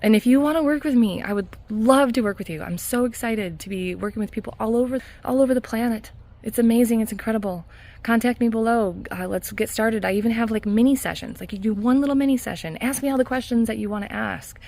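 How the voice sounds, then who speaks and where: A woman hypnotherapist talking casually in a self-help vlog, earnest and encouraging, with soft laughs. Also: fairly high pitch, quick pace, creaky. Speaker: hypnotherapist and mindset coach.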